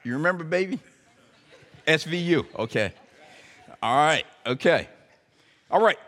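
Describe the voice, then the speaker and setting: A man's voice: on the high side, lively intonation, unhurried, a bit bright. A man preaching a sermon, talking to the congregation conversationally with emphatic rising calls. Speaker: pastor. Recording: live sermon in a reverberant hall.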